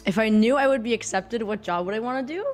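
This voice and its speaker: A woman's voice: a little high, quick pace, a little mellow, faint music behind. Chatty young woman with a sore throat. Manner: chatty, giggly, full of fillers. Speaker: streamer and guest. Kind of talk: casual chat.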